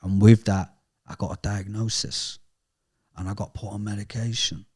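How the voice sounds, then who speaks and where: A man giving a candid, emotional personal testimony in an interview, speaking haltingly and often trailing off quietly. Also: fairly low pitch, flat delivery, breathy edge. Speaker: interviewee sharing a recovery story.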